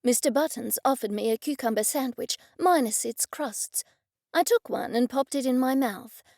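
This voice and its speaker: A woman narrating a cozy mystery audiobook in first person, wry and even. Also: high voice, moderate pace, creaky, no echo, studio quality.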